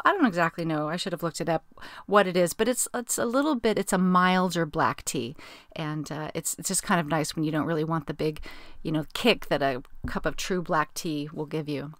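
A woman's voice: on the low side, a bit bright, dry recording, clean studio sound. A woman hosting a podcast, chatting casually with plenty of fillers and restarts. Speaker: podcast host. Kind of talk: casual chat.

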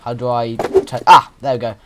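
Young male gamer, mid-pitched, chatty, playful let's-play commentary with restarts and rambling. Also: flat delivery, moderate pace, very noisy. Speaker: gaming YouTuber.

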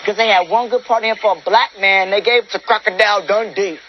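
Guy playing a cocky soldier in a war comedy, brash, mocking, voice up high. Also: steady tone, brisk, highs cut off, a little hiss or hum, lightly acted. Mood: boastful. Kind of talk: comedy film acting.

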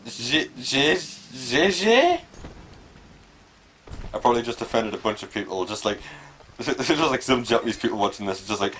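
A man giving casual let's play commentary, swearing and yelling at the game. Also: mid-range voice, lively intonation, moderate pace, long pauses, slight background noise. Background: faint game music.

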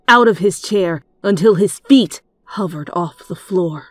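A woman narrating a fanfiction reading as a whispered role-play, in hushed, deliberate storytelling. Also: lowish voice, dry recording. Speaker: fanfiction reader.

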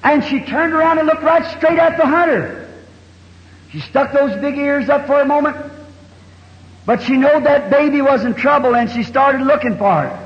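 In a dull, echoey 1960 hall recording, a man with a very high-pitched voice preaches at a moderate pace. He tells a story in a folksy country manner, using plain homespun grammar.

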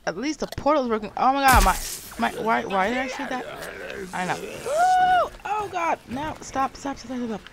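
A woman streaming a video game, chatting and reacting excitably as she plays. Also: a little high, fairly quick, very noisy. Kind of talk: live gameplay commentary. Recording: game music behind.

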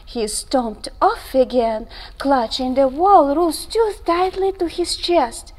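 A woman librarian reading a storytime picture book to children, with gasps and hushed asides. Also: sits high, takes it slowly. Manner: animated, gasping, hushed asides.

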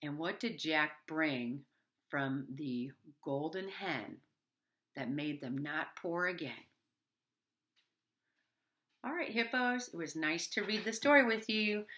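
Woman teacher, storytime host for little kids, slow and bright, sing-song questions. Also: low-pitched. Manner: slow, questioning, animated and playful. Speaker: teacher reading to children. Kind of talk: storytime questions for young children.

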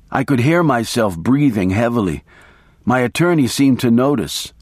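A man narrating a novel in the first person, reading in a measured, steady way. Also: mid-range voice, slightly rough, no room sound, clean studio sound. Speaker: audiobook narrator.

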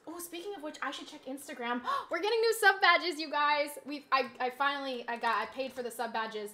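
A woman streaming a game, chatting casually with her audience, reading chat aloud and slipping into animated, mock-indignant rants. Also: high voice, brisk. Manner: chatty, reads chat aloud, laughs easily. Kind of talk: casual live-stream chat while gaming.

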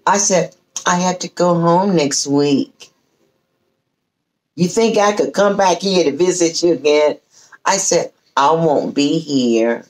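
A woman's voice: low voice, slow. A woman telling a family story in casual chat, acting out what each person said. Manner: lively storyteller who acts out quoted speech. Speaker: host.

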